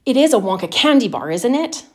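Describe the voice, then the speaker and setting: A woman voicing a hopeful young boy who speaks eagerly and sometimes in a hush. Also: a little high, sing-song, a little fast, pitched above the performer's own voice.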